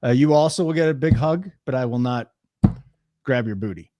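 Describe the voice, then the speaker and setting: A man in his forties co-hosting a sports betting show, trading crude deadpan jokes in casual chat. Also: medium pitch, moderate pace, no room sound. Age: 40s.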